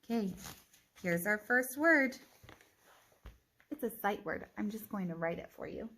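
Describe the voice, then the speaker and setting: Woman, teacher, phonics lesson, unhurried pace, careful sounding out, encouraging. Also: mid-range voice, lively intonation, pushed and bright. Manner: slow, deliberate, encouraging.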